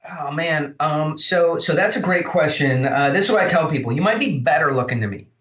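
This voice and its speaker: A man talking as a podcast guest, telling blunt, animated stories and swearing freely. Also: fairly high pitch, brisk, lo-fi sound. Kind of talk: storytelling interview talk.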